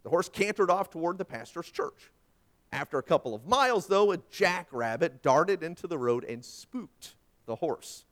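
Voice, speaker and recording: A pastor with a voice on the high side preaches a sermon at normal speed, animatedly telling anecdotes and acting out the voices of the people in them.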